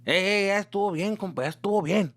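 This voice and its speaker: A man voicing his angry middle-aged father, who scolds him gruffly. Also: high-pitched, quick pace, a bit bright, pitched above the performer's own voice. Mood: annoyed. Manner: gruff, scolding, repeating himself.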